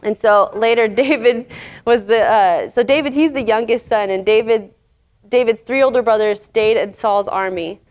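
A woman's voice: a little high, moderate pace, a little mellow. Chatty woman retelling a Bible story. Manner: chatty, paraphrasing the story with fillers. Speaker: Bible teacher. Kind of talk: casual Bible lesson.

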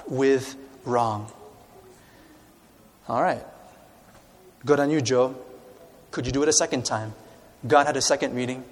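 A man preaching a sermon, reading scripture aloud and putting questions to his congregation in an animated way. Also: fairly high pitch, in a large hall. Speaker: pastor.

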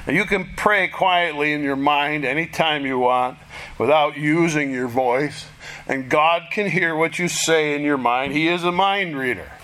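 A man preaching a sermon in a slow, deliberate way, pausing for effect and acting out prayers in a pleading voice. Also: on the high side, fairly bright tone. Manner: slow, deliberate delivery with dramatic pauses; acts out prayers in a raised, pleading voice.

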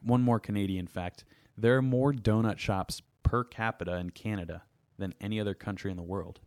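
A man's voice: lowish voice, fairly quick, darkish tone, dry recording, clean studio sound. A young man hosting a music podcast, joking around and reading out listener comments in casual chat. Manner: jokey, playful, reads comments aloud. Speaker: podcast host.

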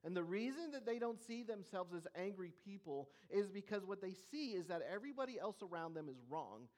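Preacher, sermon, earnest, emphatic, slow weighty pauses, mid-pitched voice. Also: animated, darkish tone.

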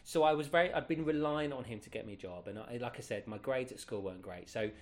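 Guy in his 50s, rambly interview guest, keeps correcting himself, normal pitch. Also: quick pace. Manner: animated, rambling, many self-corrections. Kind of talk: casual interview storytelling.

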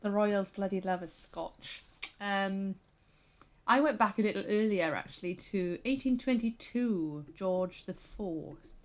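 Female podcast co-host, medium pitch, lively amused storyteller. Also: measured pace. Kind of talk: casual history chat.

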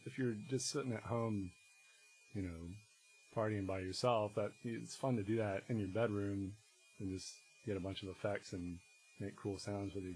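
A man, a musician guest in casual conversation, talking in a rambling, halting way full of restarts and fillers. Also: low voice, a little hiss or hum, rough recording.

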